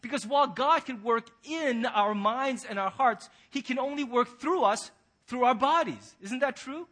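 A man's voice: very high-pitched, moderate pace, sharp tone. A man pastor preaching a sermon, earnest and direct, pressing his listeners with pointed rhetorical questions.

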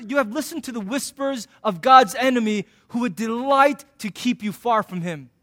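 A man's voice: very high-pitched, a bit bright. A man preaching a sermon in a conversational, joking way, acting out little scenes between points. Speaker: pastor.

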